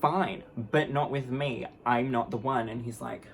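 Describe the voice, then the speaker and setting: A woman's voice: rumbling low, measured pace, gravelly, slight background noise. Blunt, foul-mouthed woman vlogger ranting. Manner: blunt, profane and fired-up; sarcastic, mockingly sweet asides. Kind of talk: casual ranting monologue.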